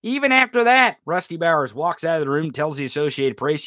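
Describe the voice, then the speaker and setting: A man's voice: a little high, big pitch swings, brisk, bright, forceful tone, dry recording, clean studio sound. A man co-hosting a political commentary podcast, talking in an impassioned, profane rant with sarcastic jabs. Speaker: podcast co-host.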